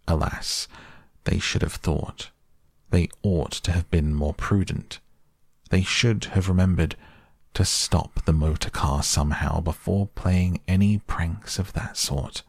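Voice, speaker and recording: Deep gravelly guy reading a bedtime story, soft and slow, very dry sound. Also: fairly even intonation, no room sound. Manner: slow, soft, soothing delivery. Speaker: audiobook narrator.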